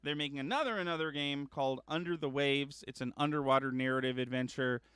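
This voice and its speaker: A man hosting a casual gaming news chat, rambling with lots of ums and uhs and correcting himself, getting excited about upcoming games. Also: mid-range voice, quick pace, smooth, dry recording. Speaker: gaming news show host.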